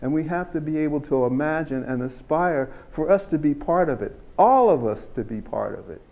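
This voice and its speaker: An older man giving a keynote speech, telling his story in an unhurried, earnest way and laughing at himself now and then. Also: fairly high pitch, expressive, creaky, a little mellow. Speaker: keynote speaker.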